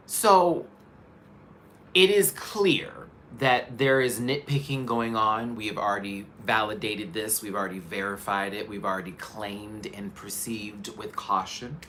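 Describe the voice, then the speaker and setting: Male host, candid and animated commentary, bright voice, faint noise behind. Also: on the low side. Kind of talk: casual commentary.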